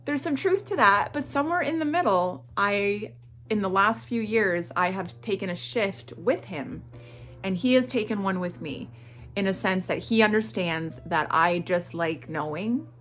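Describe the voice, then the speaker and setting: A middle-aged woman from Atlantic Canada chatting through a morning vlog in an animated way. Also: mid-range voice, measured pace. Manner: animated and chatty, with frequent laughs and self-talk asides. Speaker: vlogger.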